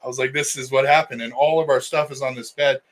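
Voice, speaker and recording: A man's voice: medium pitch, steady tone, fast, low-quality recording. A middle-aged man, a wrestling coach co-hosting a podcast, telling a story in casual chat and acting out the quotes.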